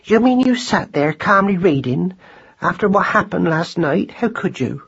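A man's voice: sits high, expressive, moderate pace, gravelly, fairly bright tone, husky, highs cut off, voice pushed up, exaggerated voice. A man voicing a grieving, fussy mother mouse with homely rustic turns of phrase. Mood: indignant.

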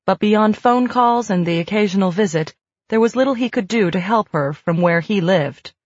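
A woman narrating a novel in an audiobook, in a measured, even storytelling manner. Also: mid-range voice, husky, no room sound. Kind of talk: scripted narration. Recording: dry, slightly muffled lo-fi recording.

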